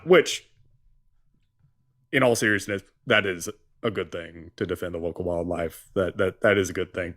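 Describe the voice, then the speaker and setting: A man's voice: fairly low pitch, fairly bright tone. A man co-hosting a casual live-stream chat, ranting in a comic, profane way. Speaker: co-host.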